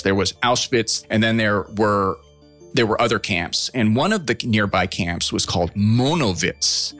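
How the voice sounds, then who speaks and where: A man's voice: on the low side, fairly bright tone. A man giving a plain, conversational explanation in an interview, with a few restarts. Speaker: former intelligence officer interviewee.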